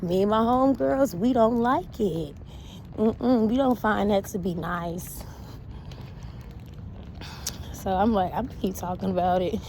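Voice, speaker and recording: A woman chatting casually on a walk outdoors, reacting to an interview with animated, blunt talk, laughter and swearing. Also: mid-range voice, moderate pace, a little hiss or hum, low-quality recording. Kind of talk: casual chat.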